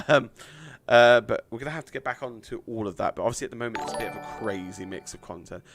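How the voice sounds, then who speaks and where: A man chatting on a live game stream, thanking donors with lots of fillers, a little hoarse from losing his voice. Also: mid-range voice, quick pace, music in the background.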